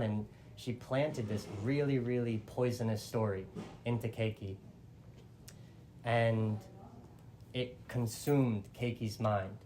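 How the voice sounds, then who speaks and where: Man, casual storyteller, chatty with lots of fillers, average pitch, faint background hum. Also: darkish tone. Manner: chatty, full of "like" fillers and restarts.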